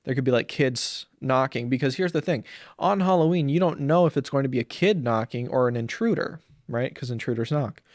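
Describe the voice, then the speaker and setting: A man's voice: medium pitch, brisk, darkish tone, dry recording. Young guy ranting on his podcast, crude and rambly, lots of ums, dry close mic. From Saint Paul, Minnesota. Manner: rambling, crude, jokey, slips into silly voices for bits. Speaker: podcast host. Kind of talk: comedic solo podcast rant.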